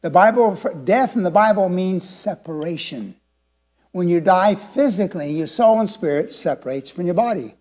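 A seventy-year-old pastor preaching a sermon in a notably high-pitched voice. He asks the congregation questions and swings from hushed, confiding moments to emphatic declarations. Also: expressive, moderate pace. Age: 70s.

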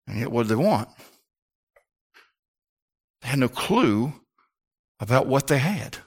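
A man preaching a sermon with passion, rising to near-shouts and firing rhetorical questions at the congregation. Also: medium pitch, very animated, slow, husky. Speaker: pastor.

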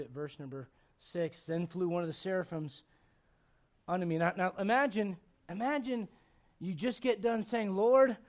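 A man preaching a sermon, acting out bits of dialogue with humor and laughter, swinging from loud punchlines to hushed, earnest points. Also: on the high side. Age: adult. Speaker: pastor.

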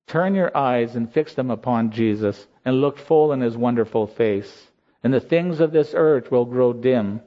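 A man preaching a sermon in a slow, earnest voice that rises in emotional peaks. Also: mid-range voice. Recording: slightly dull lo-fi sound.

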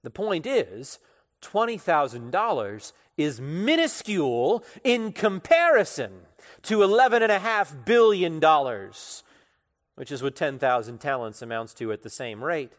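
A pastor preaching an expository sermon, emphatic, with sudden rises and falls in loudness. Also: male voice, a little high, sing-song, measured pace, big-room sound.

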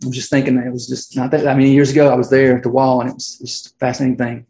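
A man's voice: medium pitch, flat delivery, very fast, warm tone. A middle-aged man preaching a sermon as pastor, casual and conversational, full of fillers and restarts. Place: church sanctuary. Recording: roomy church echo.

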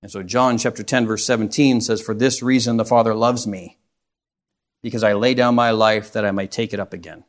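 A man's voice: fairly low pitch, steady tone, a little fast. A man preaching a sermon, reading scripture aloud and asking rhetorical questions in an earnest, expository way.

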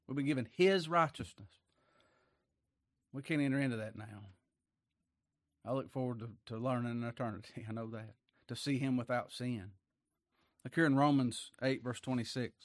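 A man preaching a sermon. He reads scripture aloud, rises to emphatic peaks, then drops low for quiet asides. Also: dry recording, studio quality.

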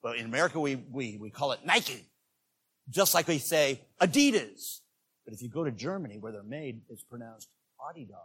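A man preaching as a visiting evangelist, talking directly to the congregation and climbing into loud, shouted peaks on key words. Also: mid-range voice, quick pace, hardly any pauses, slightly rough. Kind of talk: sermon. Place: church.

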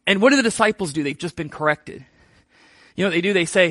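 A male pastor preaching in a relaxed, joking, storytelling way. His voice sits high and sounds bright. The sound is close and dry. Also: quick pace, dry recording. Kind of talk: sermon.

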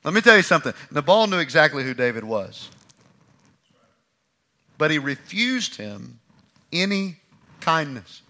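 In a very bright, high voice, a male pastor preaches a sermon, working through the passage with animated emphasis and briefly acting out the lines he quotes. He speaks unhurriedly, leaving long pauses.

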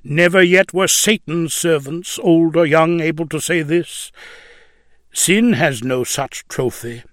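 A man reading a religious story aloud in a measured, solemn way. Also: on the high side, fairly bright tone, no echo, clean studio sound. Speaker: narrator.

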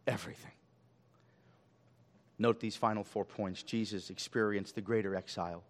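A male pastor preaching a sermon, swelling loud on key lines and dropping to a hush. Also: fairly low pitch, little pitch movement, a little fast.

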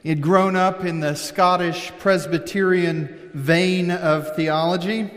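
A man's voice: sits high, fairly even intonation, slow, fairly bright tone, soft background music. A man preaching a sermon as a visiting pastor, speaking conversationally and then building to emphatic points. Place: church sanctuary. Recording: long reverb from a large hall.

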